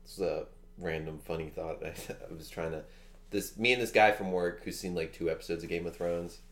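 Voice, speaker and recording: A man's voice: low-pitched, a little fast. A man in his thirties telling rambling, profane stories in a casual chat, full of fillers. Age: 30s.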